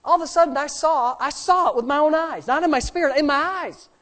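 A brisk, sarcastic preacher leads a sermon with great animation. His voice swings from loud, high bursts down to quiet murmured asides.

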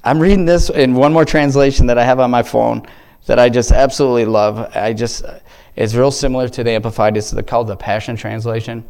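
A lay church speaker gives an informal devotional talk to a church group in a steady, mid-range voice that is smooth, a little mellow and a little fast. He rambles, breaks off mid-sentence and keeps exclaiming praise.

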